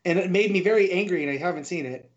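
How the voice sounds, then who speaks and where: A man's voice: sits high, fast. A man playing a trivia game on a podcast, chatty and prone to side stories. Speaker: quiz contestant. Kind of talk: casual podcast chat. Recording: dull lo-fi audio.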